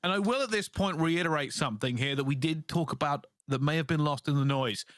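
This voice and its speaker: A man doing esports analysis, animated and laughing often. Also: on the high side, fairly quick, no room sound. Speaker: esports caster. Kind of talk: analyst commentary.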